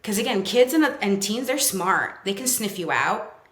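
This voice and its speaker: A woman's voice: medium pitch, animated, normal speed. A woman with a New York accent, a child therapist chatting casually as a podcast guest and acting out what kids say. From Brooklyn. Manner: chatty, many fillers, acts out kids' quotes. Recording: roomy echo.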